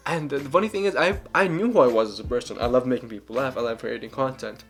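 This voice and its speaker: Young male vlogger, gravelly, loose and joking, faint music bed. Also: mid-range voice, quick pace. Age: young adult. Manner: candid, joking, rambling. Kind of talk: casual Q and A vlog.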